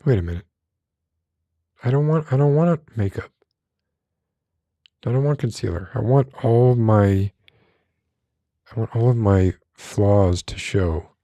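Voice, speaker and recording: A man with a smoky, gravelly voice chatting loosely on a livestream, often breaking off mid-sentence and swearing casually. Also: on the low side, a little slow, long pauses, warm tone, no room sound. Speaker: streamer. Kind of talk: casual rambling livestream chat.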